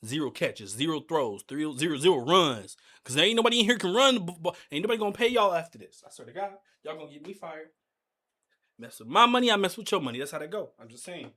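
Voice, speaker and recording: A hoarse man streaming a football game, ranting frustrated coach talk at his players, loud one moment and mumbling the next. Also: fairly high pitch, animated, fast. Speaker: gaming streamer. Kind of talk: casual live commentary over a game.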